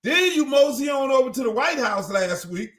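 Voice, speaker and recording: An older man hosting a profane, animated commentary monologue, acting out other people's voices as he tells the story. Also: very high-pitched, normal speed, raised voice. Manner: animated, acts out others' voices, heavy cursing. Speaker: host.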